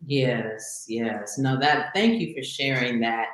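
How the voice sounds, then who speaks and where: A woman's voice: very deep voice, slow. A woman hosting an interview, encouraging and affirming her guest. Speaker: host. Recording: very echoey room.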